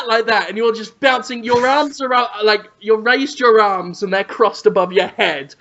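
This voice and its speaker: Woman on a podcast, high bright voice, playful, spinning a silly story. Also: normal speed, hardly any pauses. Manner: teasing, spins an absurd scenario, acts out sounds. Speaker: podcast co-host. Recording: slightly muffled podcast audio.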